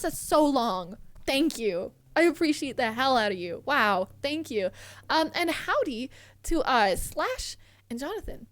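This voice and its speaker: A high-pitched young-sounding woman streaming from home, chatting with viewers in a bubbly, excitable way. Her voice is close and dry, with no room sound around it. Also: a little slow, no room sound. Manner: excitable, giggly, swears casually. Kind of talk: casual live-stream chat.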